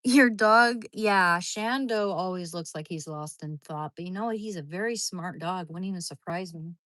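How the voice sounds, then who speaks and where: A woman's voice: lowish voice, moderate pace, a bit bright, no echo. A woman chatting casually to her live stream audience from home, rambling along with many restarts. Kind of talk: casual livestream chat.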